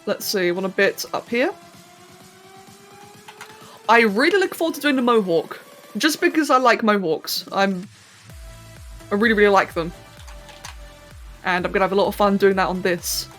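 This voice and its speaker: A woman's voice: mid-range voice, normal speed, long pauses, fairly bright tone, faint music behind. A woman from London with an English accent, chatting casually on a live stream while she works on a 3D model, laughing often and tripping over her words. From London, England. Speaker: streamer and 3D artist.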